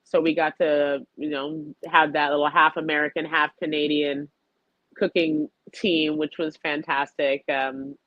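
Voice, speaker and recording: A woman's voice: sits low, steady tone, normal speed, no echo. Chatty self-deprecating woman, dull audio. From New York. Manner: rambling, self-deprecating, giggly. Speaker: guest, chef and comedian. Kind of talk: casual talk show chat. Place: home, video call.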